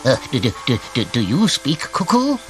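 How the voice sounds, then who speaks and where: A man's voice: mid-range voice, huge pitch swings, moderate pace, soft background music. A man voicing a small, nervous male mouse in a children's story, stammering over his words.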